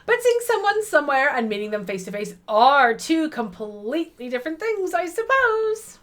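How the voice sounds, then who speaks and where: A woman's voice: high-pitched, very animated, normal speed, a bit bright, voice pushed up. A woman voicing a perky, chatty middle-aged cleaning lady with a Midwestern accent. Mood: gushing. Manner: perky, eager, apologetic.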